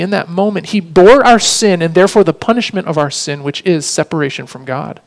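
Man, high voice, sermon, earnest preacher, rhetorical questions. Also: animated, moderate pace, few pauses.

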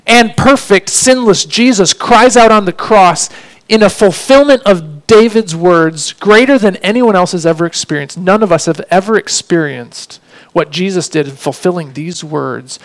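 A man's voice: high-pitched, animated, moderate pace. A man preaching a sermon in an earnest way, often asking his listeners questions. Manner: earnest, asks rhetorical questions.

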